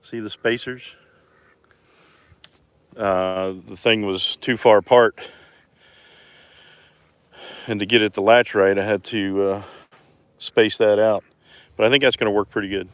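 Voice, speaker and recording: Low-voiced guy live on his phone walking round the homestead, easygoing chatter, crickets buzzing in the background. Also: moderate pace, long pauses, clear, resonant tone, dry recording. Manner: relaxed, chatty, greets viewers by name. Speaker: homestead vlogger. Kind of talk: casual live-stream walkaround. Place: outdoors on a rural homestead.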